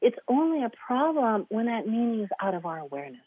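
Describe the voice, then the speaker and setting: A woman's voice: on the high side, big pitch swings, fast, no room sound. A woman from Guam, a therapist, telling a story in an interview, acting out quoted voices and laughing often. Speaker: guest, eating disorder therapist. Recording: tinny phone-line sound, dry.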